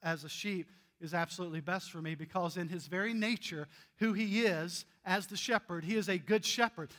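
A man preaching a sermon, telling stories earnestly and swinging between loud emphasis and hushed asides. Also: high-pitched, brisk. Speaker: pastor.

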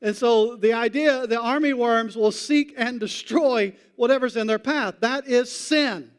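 Male pastor, high and clear voice, conversational preaching with emphatic slow stresses. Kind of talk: sermon.

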